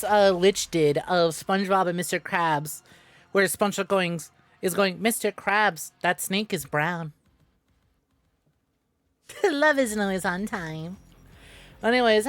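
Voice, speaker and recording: A woman's voice: mid-range voice, big pitch swings, normal speed, no room sound, faint music behind. A woman VTuber streamer, chatting casually on a live stream into a close mic, rambling, swearing freely and flipping between rants and laughter.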